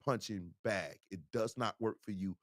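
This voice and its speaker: A man's voice: fairly low pitch, moderate pace. A man hosting a video show, talking casually and straight to his viewers. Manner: animated, talks straight to viewers. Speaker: show host.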